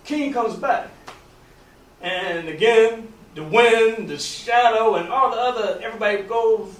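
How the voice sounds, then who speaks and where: A man's voice: high voice, fairly bright tone. A man casually telling a long story aloud, rambling with many restarts and loose grammar. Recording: roomy, distant, faint background noise.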